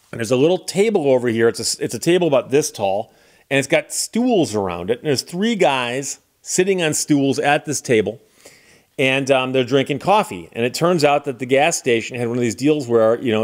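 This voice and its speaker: A man from the Detroit area spins a casual anecdote for his channel. His voice sits at a middling pitch, and he tells the story with lively timing. He chuckles at his own punchlines and acts out the dialogue. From Detroit area, Michigan. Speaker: channel host.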